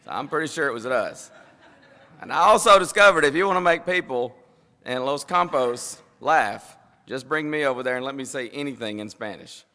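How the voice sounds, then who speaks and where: A man's voice: medium pitch, animated, normal speed, bright, forceful tone. A man with a Southern US accent preaching a sermon, telling a story in a folksy, rambling way and laughing as he goes. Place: church sanctuary. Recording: long reverb of a church hall.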